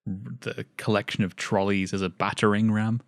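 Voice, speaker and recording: British male film-review co-host, lowish voice, measured and analytical, dry sound. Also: flat delivery, dry recording. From Britain. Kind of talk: casual film review chat.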